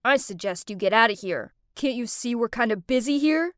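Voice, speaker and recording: A woman voices a sleazy young male thug in an animated story. He taunts and smirks as he talks. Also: fairly high pitch, normal speed, no echo, studio quality. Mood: taunting. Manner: mocking, smirking.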